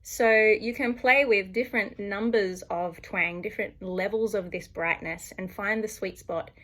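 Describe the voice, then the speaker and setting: A woman's voice: mid-range voice, fairly even intonation, a little slow, a bit bright. A woman, a voice coach explaining singing technique to camera and demonstrating sounds as she goes.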